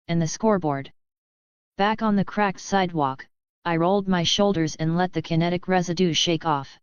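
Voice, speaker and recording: A woman narrates an audiobook in a steady, measured way. Her voice is low and smooth. The recording is dry, with a slightly dull, muffled sound. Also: no room sound.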